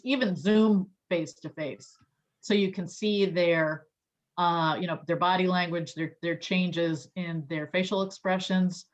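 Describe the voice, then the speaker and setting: Woman, real estate trainer, casual with fillers, muffled audio. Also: lowish voice. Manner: chatty, many fillers and restarts. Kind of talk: online training talk. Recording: dull lo-fi audio.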